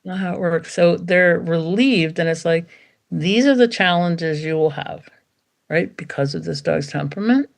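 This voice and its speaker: A woman dog behaviour expert talking as a podcast guest, animated and acting out quotes as she explains. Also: lowish voice, moderate pace. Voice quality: animated, acts out quotes, gravelly. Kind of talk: podcast interview conversation.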